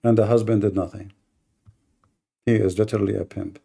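A man's voice: on the low side, fairly even intonation, brisk, creaky, mellow, husky. A man hosting a live-streamed debate, talking in a mocking, provocative way and challenging his listeners. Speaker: debate livestream host. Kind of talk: combative live-stream monologue.

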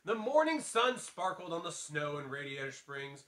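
A man hosting a casual storybook reading vlog, playful and animated with jokey asides. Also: fairly high pitch, moderate pace. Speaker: vlogger reading stories.

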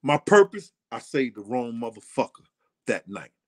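A man's voice: mid-range voice, big pitch swings, moderate pace. A middle-aged man, speaking in a blunt, profane casual monologue and hammering his points home through repetition. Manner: blunt, profane, repeats himself with emphasis. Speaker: host.

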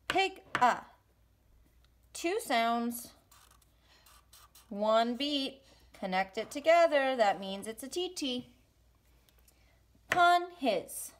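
A woman teaching a music lesson to young children online, speaking slowly and encouragingly with sing-song rhythm drills. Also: sits high. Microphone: home recording for an online class.

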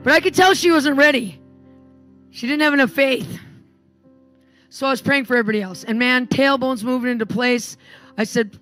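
A woman's voice: a little high, normal speed, soft background music. A woman preacher telling healing stories and praying at a live church meeting, emphatic and commanding. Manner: animated, emphatic storyteller, commanding in prayer. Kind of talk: sermon with storytelling and healing prayer.

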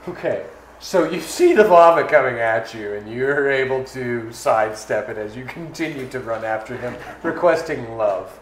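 A man narrating a tabletop game as its game master, describing scenes at a measured pace and calling for rolls. His voice sits at an ordinary middle pitch. The recording is echoey, with a faint hiss underneath. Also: animated. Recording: echoey room, faint noise.

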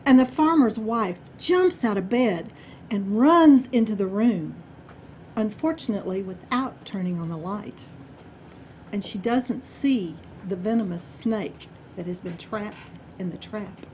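A woman giving a storytelling speech at a club meeting, dramatic and expressive, dropping to hushed asides. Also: on the high side, a little hiss or hum. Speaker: Toastmasters speaker. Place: meeting room.

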